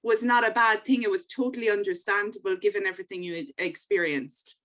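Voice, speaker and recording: A woman interviewer who speaks calmly and reflectively and murmurs soft agreement while her guest talks. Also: medium pitch, brisk. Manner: calm, reflective, lots of soft backchannel murmurs. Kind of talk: interview conversation.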